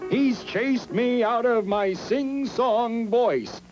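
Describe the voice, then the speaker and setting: A man voicing a tired, proud old male kangaroo in a storybook reading, complaining slowly and wearily. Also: very high voice, a little mellow, lo-fi sound, faint music behind, pitched above the performer's own voice. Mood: weary, aggrieved. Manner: slow, weary complaining.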